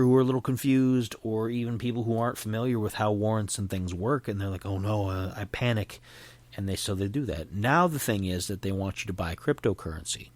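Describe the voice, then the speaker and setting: Here a podcast host speaks alone and casually, his lowish voice drifting from point to point with many restarts; no room sound is audible.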